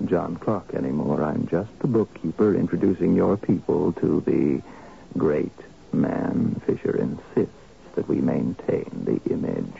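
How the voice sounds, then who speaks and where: Measured male consultant, dry and gravelly; dull vintage radio sound. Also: extremely low pitch, expressive, slight background noise, heavily acted. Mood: calm. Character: calm male businessman consultant. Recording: dull old radio recording.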